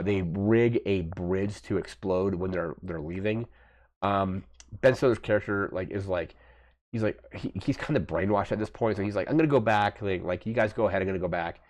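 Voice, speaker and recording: A man with a notably deep, low voice recaps a movie in a loose, rambling way. He keeps circling back with filler words and restarts as he retells the plot. He sounds like a casual channel host talking straight to his viewers. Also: darkish tone.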